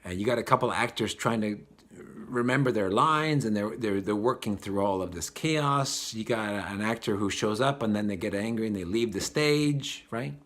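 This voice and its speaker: A man giving a spiritual talk, animated and acting out the voices of the people he describes. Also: lowish voice, normal speed. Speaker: spiritual teacher.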